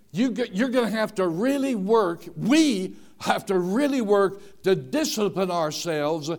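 An older man preaching a sermon, telling homespun stories and rising from quiet asides to shouted emphasis. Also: high-pitched. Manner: storytelling, swings from soft asides to shouted emphasis.

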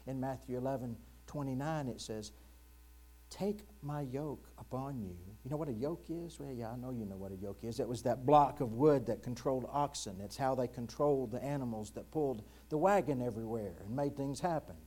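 A man preaching a sermon as pastor, earnest and direct with his congregation, dropping to a hushed, slow near-whisper when he quotes scripture. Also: medium pitch. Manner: addresses congregation directly with questions. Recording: mains hum in the background.

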